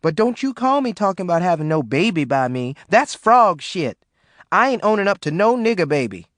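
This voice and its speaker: A man's voice: high voice, big pitch swings, normal speed, dry recording, studio quality. Man doing a snarling brute. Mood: menacing. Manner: snarling, shouting, cruel. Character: brutal, threatening young white Southern man. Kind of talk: audiobook character voice.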